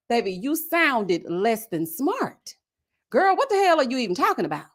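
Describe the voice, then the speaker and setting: Sassy high-voiced woman chatting live. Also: normal speed. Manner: sassy, animated, greeting viewers by name. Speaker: reality TV reviewer hosting a live stream. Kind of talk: casual live-stream chat.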